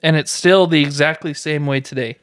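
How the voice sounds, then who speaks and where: A man's voice: a little high, fairly even intonation, brisk, a bit bright, clear, resonant tone, dry recording. A man co-hosting a casual podcast, explaining researched history from his notes and laughing easily. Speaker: podcast co-host presenting research.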